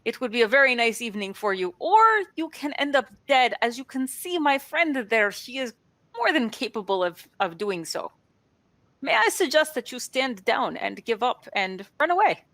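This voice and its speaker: A woman's voice: on the high side, sing-song, fairly bright tone, dry recording. A woman voicing a persuasive adventurer in a put-on accent, talking down an ogre. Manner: persuasive, slow and emphatic.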